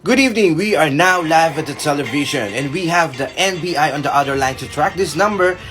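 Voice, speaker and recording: A man voicing a loud, excited male TV news reporter in a comedy sketch. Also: brisk, music in the background, natural voice. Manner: booming broadcast delivery. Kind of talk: comedy sketch role-play.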